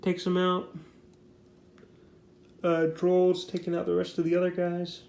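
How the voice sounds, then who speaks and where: A man's voice: high voice, monotone, a little slow, creaky, darkish tone. A man giving a casual comic book review, rambling with lots of fillers and repeating his praise. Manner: rambling, heavy on fillers like "basically" and "like". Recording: roomy echo.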